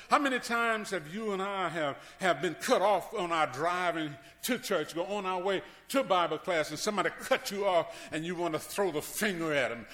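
Man preacher, sermon, bright ringing voice, stammered repeats, soft asides to hollering. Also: fairly high pitch. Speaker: pastor.

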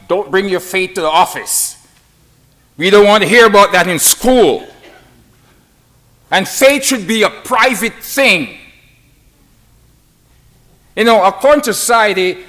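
Slow, emphatic preacher with lively pitch. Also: male voice. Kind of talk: sermon.

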